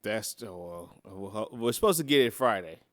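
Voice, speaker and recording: A man's voice: on the low side, expressive, normal speed, dry recording, clean studio sound. A young man co-hosting a wrestling podcast, ranting bluntly with lots of profanity. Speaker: podcast co-host. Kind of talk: casual chat.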